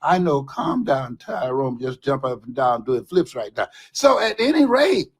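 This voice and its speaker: An older man giving a motivational talk, his voice pitched high and swinging widely as he tells stories. He often rises to a shout for emphasis. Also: moderate pace, husky. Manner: animated storytelling, shouting for emphasis. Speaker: motivational speaker.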